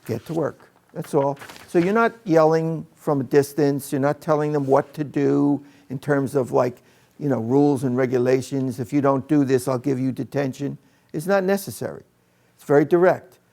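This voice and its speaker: Gravelly man demonstrating classroom technique. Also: mid-range voice, moderate pace. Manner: calm and direct, speaks to the room. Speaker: teacher trainer.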